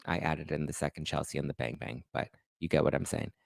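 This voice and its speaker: Deep-voiced man dishing sassy TV gossip. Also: fast, gravelly, dry recording. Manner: sassy, sarcastic asides while reading texts aloud. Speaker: pop culture podcast host. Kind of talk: gossipy reality TV commentary.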